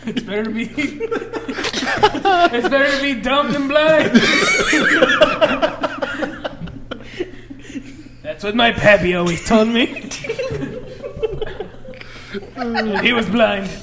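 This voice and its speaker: A man joking and laughing as a player in a tabletop game, swearing casually, over loud noise. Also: very high voice, wildly swooping pitch, drawn-out words, pauses often.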